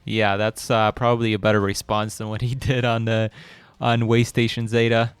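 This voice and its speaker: Brief: male caster, smooth clear voice, dry close sound, relaxed and chatty host. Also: on the low side, moderate pace, dry recording. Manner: relaxed, chatty, laughs easily. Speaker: esports caster hosting the panel. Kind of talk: casual live-stream casting chat.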